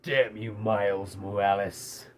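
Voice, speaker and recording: A man talking about a movie he loves in a casual, excitable rant, swearing freely and laughing as he talks. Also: on the low side, takes it slowly, a little hiss or hum. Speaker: movie reviewer.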